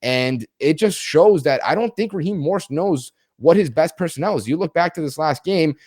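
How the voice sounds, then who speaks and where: A man's voice: a little high, animated, normal speed, darkish tone, dry recording, clean studio sound. A man hosting a sports podcast, giving an emphatic, frustrated breakdown of a game backed by stats. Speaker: podcast host. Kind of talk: sports analysis podcast chat.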